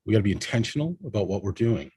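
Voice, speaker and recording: A man's voice: on the low side, animated, racing, mellow, husky, no echo. A man speaking as a panel guest in an impassioned discussion, emphatic and rallying, often tagging his points with "right?".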